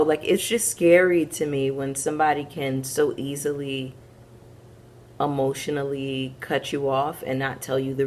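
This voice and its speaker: A woman's voice: low-pitched, a little hiss or hum. A woman hosting a casual reality TV recap, chatting frankly to her viewers and acting out the quotes as she retells each scene.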